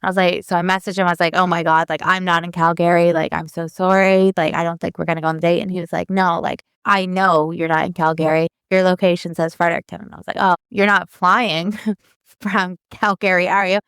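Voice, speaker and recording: Chatty woman with a smooth voice. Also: lowish voice, level tone, brisk, a bit bright, dry recording, studio quality. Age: 30s. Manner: chatty, lots of fillers, quotes people in her story. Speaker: podcast co-host. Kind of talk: casual storytelling.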